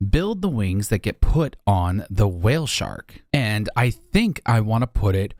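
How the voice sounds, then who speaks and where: Animated man joking through a build. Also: unhurried, no room sound, clean studio sound. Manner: animated and jokey, voice jumping high when exclaiming. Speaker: Minecraft YouTuber. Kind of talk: casual gameplay commentary.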